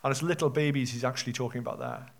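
A man's voice: mid-range voice, racing. A man preaching a sermon in a conversational way, often ending points with rhetorical tag questions.

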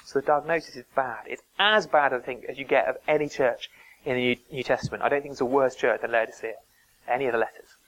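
A man's voice: medium pitch, fast talker, fairly bright tone, low-quality recording. A man preaching a sermon, earnest and emphatic, dropping to near-whispers to stress a point.

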